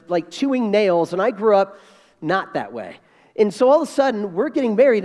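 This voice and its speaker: A man of about fifty giving a keynote speech as an animated storyteller who repeats key phrases for emphasis. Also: sits high. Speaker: keynote speaker. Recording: reverberant hall.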